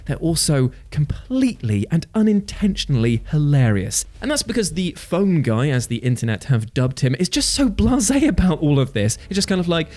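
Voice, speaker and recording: Animated, jokey male game list host. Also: a little high, normal speed, few pauses, soft background music. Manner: animated, jokey, switching to earnest. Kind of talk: comedic gaming list commentary.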